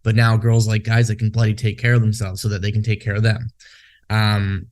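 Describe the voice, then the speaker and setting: A man's voice: lowish voice, monotone, brisk, darkish tone. Profane, rambling man. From Western Canada. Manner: profane, rambling, goes off on tangents. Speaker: podcast co-host. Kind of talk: casual podcast chat.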